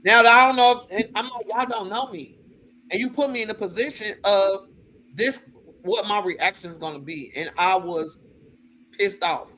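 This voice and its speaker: A woman talking on a casual talk show, retelling family stories with blunt, cussing candor. She slips into other people's voices as she tells it. Her tone is bright and forceful. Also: mid-range voice, normal speed, slight background noise. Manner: blunt and profane, lively retelling with quoted voices. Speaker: co-host. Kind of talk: casual chat, personal storytelling.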